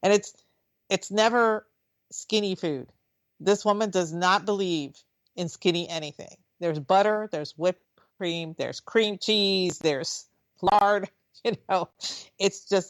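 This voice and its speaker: A woman's voice: on the low side, slow, dry recording. A woman co-hosting a radio talk show, telling chatty stories with frequent laughs. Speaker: co-host. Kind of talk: casual chat.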